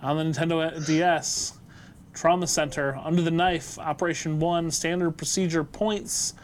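A man's voice: a little high, slight background noise. A man co-hosting a casual show, reading game records and delivering made-up facts with a straight face. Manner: deadpan made-up facts, quick asides. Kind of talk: jokey casual show banter.

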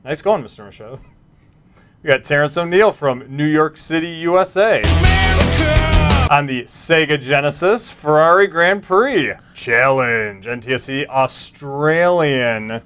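A man co-hosting a casual show, reading out game records with playful jokes and mock announcer shouts. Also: a little high, animated, unhurried, smooth, soft background music. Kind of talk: jokey casual show banter.

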